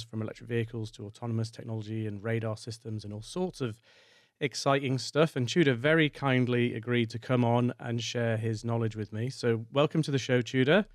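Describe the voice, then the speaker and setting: A man's voice: medium pitch, no echo, clean studio sound. A man in his forties hosting a podcast interview, asking long, rambling questions. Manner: rambling, uses many fillers. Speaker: podcast host.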